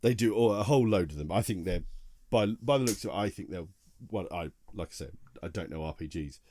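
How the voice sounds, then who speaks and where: A man's voice: low voice, expressive, brisk, warm tone, slight background noise. A tired man, co-hosting a casual podcast chat and telling a rambling story full of restarts. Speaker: podcast co-host.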